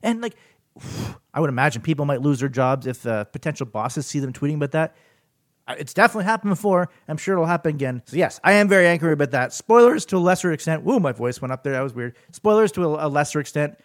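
A man hosting his own podcast in a solo rant, with a lively, swinging delivery. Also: fast, no echo, clean studio sound. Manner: animated ranting, swings up and down in pitch. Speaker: podcast host.

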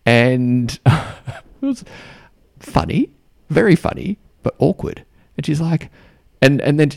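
A man's voice: fairly high pitch, very animated, takes it slowly, creaky, pauses often, darkish tone, dry recording, clean studio sound. An Australian man telling a story in a chatty podcast style, with lots of ums and likes, sometimes acting out other people's lines. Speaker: podcast host. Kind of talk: casual storytelling.

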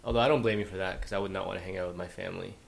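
A man's voice: sits low, fairly even intonation, very fast, creaky. A man chatting casually as a podcast host, joking and telling stories with frequent laughs. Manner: joking, storytelling, laughs often. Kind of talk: casual banter.

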